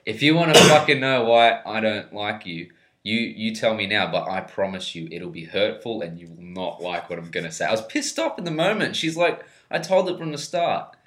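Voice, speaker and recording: A man's voice: on the low side, animated, moderate pace, fairly bright tone. A man telling a crude story in casual podcast chat, laughing often and swearing freely. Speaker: podcast co-host. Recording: echoey room.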